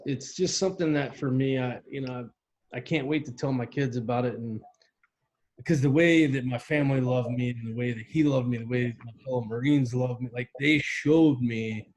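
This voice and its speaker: A man's voice: mid-range voice, a little mellow. Man telling a heartfelt story. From United States. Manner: vivid storyteller, acts out quoted voices and sounds. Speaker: veteran guest. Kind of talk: emotional personal storytelling.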